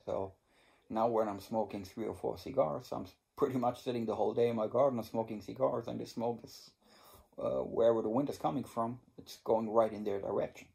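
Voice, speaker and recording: A man's voice: mid-range voice, fairly even intonation, brisk, gravelly, warm tone. A man hosting a cigar channel who tells a story casually to his viewers, rambling, restarting his sentences and swearing now and then. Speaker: cigar review channel host. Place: home in Germany.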